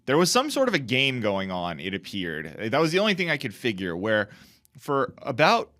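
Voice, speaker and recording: Man, podcast co-host, wry, measured storytelling, middle pitch. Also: wildly swooping pitch, bright, forceful tone. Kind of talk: casual chat.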